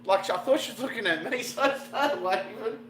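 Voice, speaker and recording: A man's voice: high voice, brisk, fairly bright tone, roomy sound, slight background noise. A middle-aged Australian man chatting casually on a livestream while cooking, rambling and greeting viewers with slang. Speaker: fishing vlogger cooking on a livestream.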